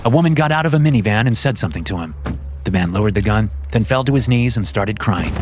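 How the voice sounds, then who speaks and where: A man narrating a horror story in a measured, steady scripted reading. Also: on the low side.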